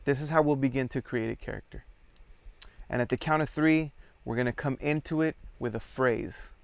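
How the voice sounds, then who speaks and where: A man leading a theatre workshop, giving calm, measured guided instructions and counting participants into each exercise. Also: mid-range voice, gravelly, no echo. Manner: calm, measured, counts students in and prompts them.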